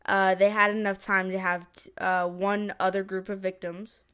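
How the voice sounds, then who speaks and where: Bright-voiced woman rambling through a plot recap. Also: mid-range voice, flat delivery, normal speed, smooth. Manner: rambling, loses names, hesitant plot recap. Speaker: podcast co-host. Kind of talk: casual movie review chat.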